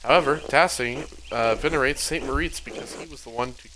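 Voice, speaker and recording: A man's voice: medium pitch, brisk, background noise, close to an everyday voice. A man doing a solemn monk with a Southern US drawl. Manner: solemn storytelling, slipping accent. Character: pious male monk, a shrine keeper.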